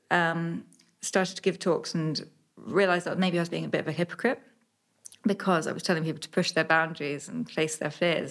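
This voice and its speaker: A young British woman, an adventurer, telling stories in a podcast interview, animated with many fillers and restarts. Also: low-pitched. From Britain. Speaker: adventurer guest.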